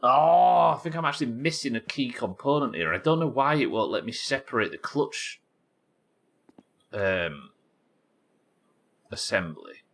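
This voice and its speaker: A man's voice: medium pitch, expressive, a little slow, vocal fry, long pauses, a bit bright. A man from England with a Yorkshire accent, chatting casually while streaming a game, rambling, thinking aloud and swearing freely. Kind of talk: casual live-stream chat while gaming.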